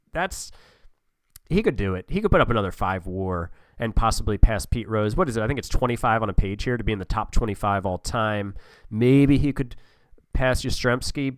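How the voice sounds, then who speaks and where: A man's voice: mid-range voice, clear, resonant tone, no room sound. A young adult man casually commenting on a sports simulation game, thinking aloud with frequent fillers and restarts. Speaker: gaming channel host.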